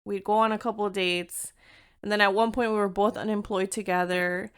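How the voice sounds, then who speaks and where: A young adult woman hosting her own podcast, telling a personal story in a candid, chatty monologue. Her voice sits in a middle pitch. She swears freely and mixes in Spanish phrases. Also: fairly even intonation, fairly quick, fairly bright tone, clear, resonant tone. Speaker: podcast host.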